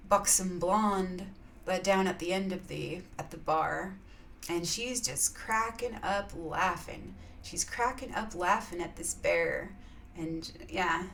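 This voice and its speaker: A woman's voice: lowish voice, fairly bright tone, a little hiss or hum. A woman chatting casually in a vlog, rambling with lots of fillers and frequent laughs. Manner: rambling, laughs often, many filler yeahs. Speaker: vlogger sharing spiritual reflections. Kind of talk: casual chat.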